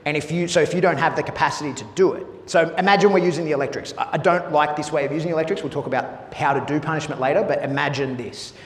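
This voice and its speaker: A man's voice: a little high, fairly even intonation, fast, few pauses. A man teaching dog training in a blunt, casual way. He swears freely and keeps checking in with "right?". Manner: blunt, profane, peppered with "right?". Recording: echoey room with long reverb.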